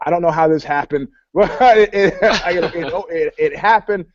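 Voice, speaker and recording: A man's voice: a little high, normal speed. A man on a video call in a casual podcast chat, telling rambling, profane stories and acting out what people said. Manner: profane, rambling storyteller who acts out quotes. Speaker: panelist. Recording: dull, dry online call audio.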